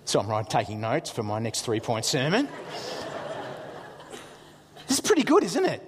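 Animated preacher in a reverberant hall. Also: male voice, mid-range voice, moderate pace, slight background noise. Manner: animated storyteller, acts out his son's lines. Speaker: pastor. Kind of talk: sermon.

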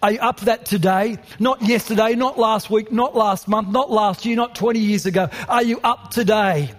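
A man's voice: high-pitched, normal speed, faint music behind. A man preaching a sermon as pastor, passionate and building to emphatic repeated lines. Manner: passionate, rising to emphatic repetition. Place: church hall.

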